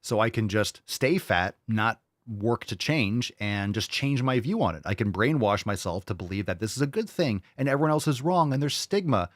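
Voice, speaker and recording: A man rants through a show in a lowish voice, sarcastic and combative, mocking what he reacts to. The sound is dry and close to the mic. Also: animated, moderate pace, hardly any pauses, no room sound. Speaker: show host. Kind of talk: ranting commentary over video clips.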